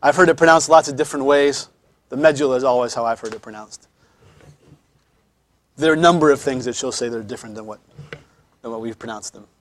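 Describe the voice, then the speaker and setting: A man teaching a classroom lecture, pausing often to explain in a conversational way and repeating his words. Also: mid-range voice.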